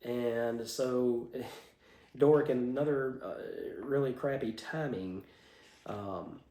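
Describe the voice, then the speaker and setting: A man's voice: mid-range voice, slow, mellow. A man casually reviewing comic books, talking in an enthusiastic, rambling way with frequent restarts. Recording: roomy echo.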